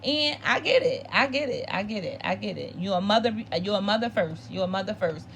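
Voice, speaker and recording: A woman's voice: medium pitch, animated, fairly quick, creaky, slight background noise. Chatty opinionated woman recapping a show. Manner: opinionated, repeats phrases for emphasis. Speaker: TV episode recap host. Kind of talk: casual recap chat.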